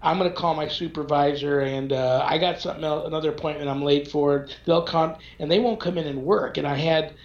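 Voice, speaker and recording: A man with a fairly high voice tells a story with energy and gives each person in it their own voice. The sound is roomy and echoes. The audio is a little dull and lo-fi. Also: fairly quick, hardly any pauses. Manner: animated storyteller, acts out quoted dialogue. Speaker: paranormal investigator guest. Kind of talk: casual storytelling chat.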